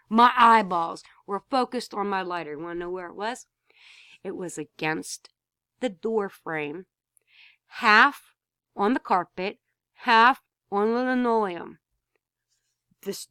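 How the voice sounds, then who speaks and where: A woman speaks straight to her camera from home, telling a story in a loose, blunt way. She swears freely and repeats words when she gets worked up. The sound is dry, with no room echo, and her pitch sits in the middle. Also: pushed and bright, clean tone. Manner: blunt, swears freely, repeats herself, rising to emphatic outbursts. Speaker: vlogger.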